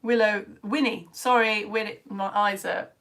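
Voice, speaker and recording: A woman's voice: medium pitch, fairly even intonation, unhurried, a bit bright. A woman teaching children's science lessons, chatting on a live stream into her phone as she reads out viewers' comments and calls out their names. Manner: bubbly, chatty, exclaiming names.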